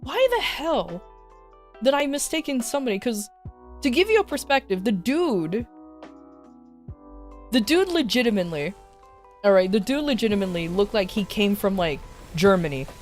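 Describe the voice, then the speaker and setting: Young woman, streamer, animated storytelling, laughs a lot, lots of filler words, medium pitch, faint background music. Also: normal speed, long pauses. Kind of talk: casual storytelling to a live chat.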